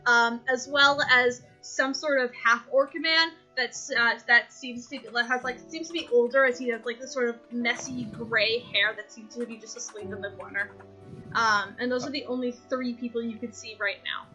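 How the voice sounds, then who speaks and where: Woman game master, high voice, rambling narration, fillers and restarts, clear music behind. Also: steady tone, moderate pace, bright, forceful tone, highs cut off.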